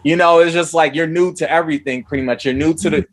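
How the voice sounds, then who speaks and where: A man co-hosts a podcast in loose casual chat. His voice sits a little high, and he rambles, restarts and swears freely. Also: fairly even intonation, quick pace. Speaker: podcast co-host. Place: DC area.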